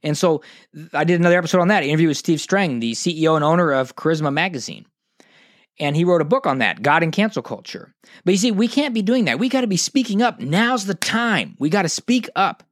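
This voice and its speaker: A man's voice: a little high, animated, fast, no echo, studio quality. A man, hosting a podcast monologue in a passionate, preachy way, often restarting his sentences. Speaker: podcast host.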